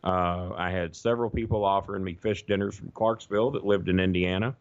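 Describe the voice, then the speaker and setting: A gravelly, fairly low-voiced middle-aged man, telling profane, rambling stories in casual chat. The sound is dry and dull, like a lo-fi recording. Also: fairly even intonation, a little fast, no echo. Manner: profane, rambling anecdotes, acts out quoted voices. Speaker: podcast guest.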